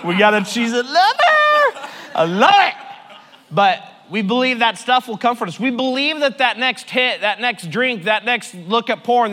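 Animated preacher in a reverberant hall. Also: male voice, high-pitched. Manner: animated, swings from loud joking to hushed earnest. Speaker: recovery ministry pastor. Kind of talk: sermon with personal testimony.

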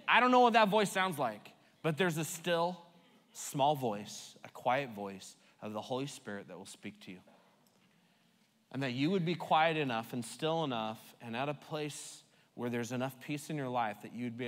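A man's voice: mid-range voice, expressive, normal speed. A man preaching a sermon in a conversational, emphatic way, playfully repeating words for effect. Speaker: pastor. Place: church sanctuary. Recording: long hall reverb.

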